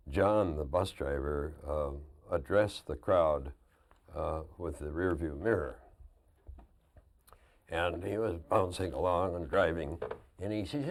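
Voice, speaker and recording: An older man telling lively anecdotes as a guest on a 1999 television interview, often laughing at his own stories. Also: rumbling low. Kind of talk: casual storytelling.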